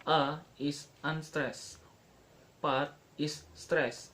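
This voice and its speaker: A young man giving a classroom pronunciation lesson, halting and restarting, repeating each example word slowly. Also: a little high, level tone, bright, forceful tone, rough recording. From Indonesia. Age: young adult. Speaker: student presenter.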